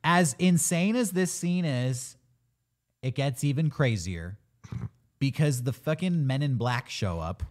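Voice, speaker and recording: A man's voice: medium pitch, lively intonation, a little slow. A man co-hosting a casual movie-review podcast, mocking a film with incredulous commentary. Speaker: podcast co-host.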